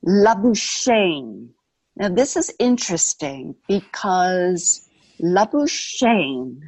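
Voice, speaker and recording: A woman, slowly explaining and carefully pronouncing words and names. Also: fairly low pitch, no echo. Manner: slow, deliberate, pronouncing each word carefully. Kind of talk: glossary of South African words and pronunciations.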